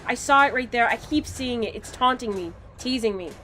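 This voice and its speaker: A woman's voice: a little high, brisk, sharp tone, slight background noise. A woman streaming a game, rambling and joking as she plays, swearing freely and laughing often. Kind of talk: casual live-stream commentary while playing.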